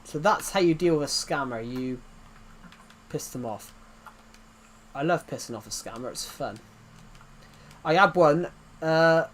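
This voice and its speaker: A streamer chats away over his game, wandering from one story to the next and chuckling at his own punchlines. His voice sits a touch higher than most men's. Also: moderate pace, long pauses, a little hiss or hum. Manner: rambling anecdotes, laughs at his own jokes. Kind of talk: casual chat while streaming.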